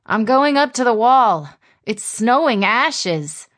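A woman's voice: a little high, expressive, slow pace, a bit bright, pitched above the performer's own voice. Woman voicing a spirited young woman. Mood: earnest.

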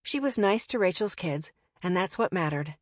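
A woman's voice: lowish voice, animated, normal speed, no room sound, clean studio sound. A woman narrating an audiobook in a wry, conversational way.

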